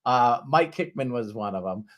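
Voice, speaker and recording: Animated storytelling man hosting a podcast. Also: mid-range voice, moderate pace. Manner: animated storyteller who acts out quoted voices and swears casually. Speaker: podcast host. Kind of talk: casual conversational storytelling.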